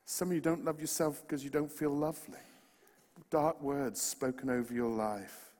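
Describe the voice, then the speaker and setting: Delivering an impassioned, earnest sermon peppered with jokes, this West Country man from England speaks in a slightly high, a little mellow voice. His tone stays steady at a moderate pace, and long hall reverb surrounds him.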